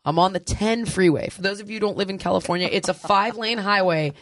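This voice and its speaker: A woman's voice: medium pitch, fast talker, slight background noise. A woman in her forties, a podcast host, telling a crude, funny family story in casual chat, laughing often. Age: 40s. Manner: animated, laughing, crude humor.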